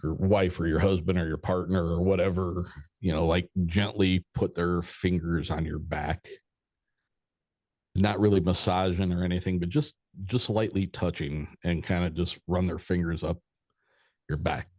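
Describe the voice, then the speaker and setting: Middle-aged man, very low voice, dry close sound, rambling and profane storyteller. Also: fairly even intonation, moderate pace, darkish tone, no room sound. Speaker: podcast guest. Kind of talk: casual storytelling.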